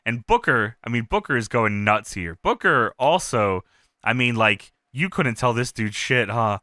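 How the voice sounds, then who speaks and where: Animated, bright-voiced podcast guy. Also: mid-range voice, measured pace, dry recording, clean studio sound. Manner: animated, profane storytelling with frequent laughs. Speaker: podcast co-host. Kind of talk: casual retro review chat.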